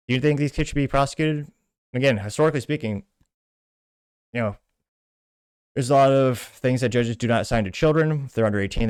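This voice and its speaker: A man's voice: mid-range voice, smooth, dry recording, studio quality. A male show host reading social media posts aloud and commenting on them in a wry, mocking tone.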